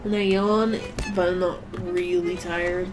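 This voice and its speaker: A woman's voice: lowish voice, little pitch movement, a little slow, over music. A woman streamer chatting casually while she plays a game, rambling and swearing offhandedly. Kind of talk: casual chat while gaming.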